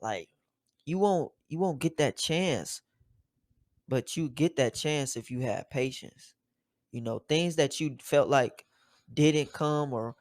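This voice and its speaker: A man's voice: medium pitch, no echo. Male podcast co-host, casual and slangy, dead-dry close mic. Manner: laid-back, slangy, animated when making a point. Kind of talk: casual chat.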